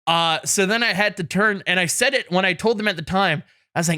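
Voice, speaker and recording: A man co-hosting a podcast, telling a self-deprecating story in a lively way and laughing often. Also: high-pitched, brisk, few pauses, dry recording, clean studio sound. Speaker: podcast co-host. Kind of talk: casual podcast chat. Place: in Canada.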